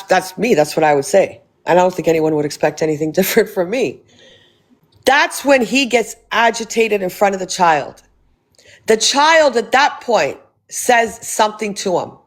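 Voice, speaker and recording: A woman's voice: mid-range voice, moderate pace. A woman hosting a live stream, angrily confronting a guest with profanity.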